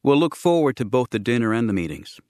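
A man voicing a calm, courteous Jedi master. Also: medium pitch, fast talker, dry recording, clean studio sound, close to an everyday voice.

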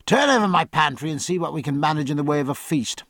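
Brief: man playing a cheery sea captain barking orders, dry and lively. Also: fairly high pitch, fast talker, dry recording. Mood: hearty. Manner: bluff, loud orders. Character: hearty male naval captain, cheerful and commanding.

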